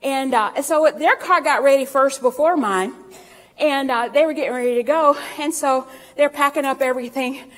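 A woman's voice: high voice, fairly bright tone. Folksy preacher woman in a reverberant hall. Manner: folksy storytelling, laughing often, drawn-out scripture reading. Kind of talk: sermon.

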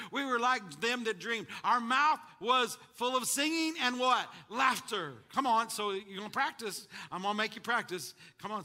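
Man, pastor, sermon, call-and-response, piercing bright tone. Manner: call-and-response preaching to a congregation; builds to shouts at high points.

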